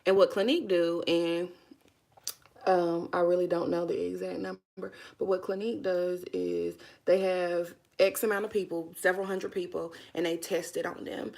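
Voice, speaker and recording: A woman's voice: fairly low pitch, level tone, normal speed, creaky, a little mellow. A woman, chatting casually through a makeup tutorial and calling her viewers y'all and honey. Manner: chatty, folksy, says y'all and honey a lot. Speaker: beauty vlogger.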